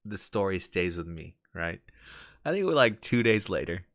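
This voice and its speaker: A man's voice: deep voice, big pitch swings, normal speed, a bit bright, no echo, studio quality. A man hosting a casual gaming podcast, laid-back and slangy, telling game stories. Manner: laid-back, slangy, says "dude" a lot. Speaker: podcast host. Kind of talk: casual chat.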